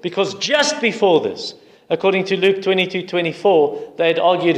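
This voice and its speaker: A man's voice: high voice, lively intonation, normal speed. A man preaching a sermon in an earnest, explanatory way.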